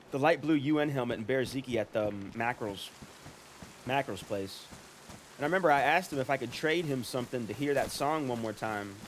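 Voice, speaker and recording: A man live-streams a game and rambles along in relaxed, profane chat. His voice sits at an ordinary middle pitch, with a faint hiss underneath. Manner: rambling, swearing, laughing.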